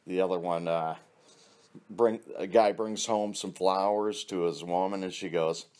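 Deep-voiced man telling rambling bar stories. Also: fairly even intonation, a little slow, a little mellow. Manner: loose, rambling, profane, laughs at own jokes. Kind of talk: casual storytelling.

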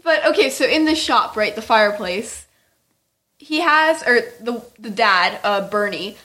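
A woman's voice: fairly high pitch, expressive, measured pace, pushed and bright. A woman chatting casually about a film with her co-host, teasing him and often checking in with "right?". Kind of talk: casual chat.

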